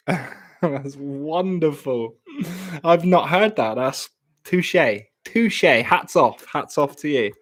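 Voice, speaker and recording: A man's voice: a little high, animated, extremely slow. A young man from Plymouth, chatting casually on a live stream at home, often stammering and repeating words. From Plymouth, England.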